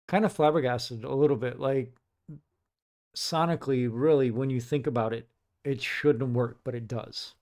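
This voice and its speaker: A man giving casual commentary while reacting to music, musing and excitable, with many filler "like"s. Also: medium pitch, moderate pace. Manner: musing, excitable, says "like" often.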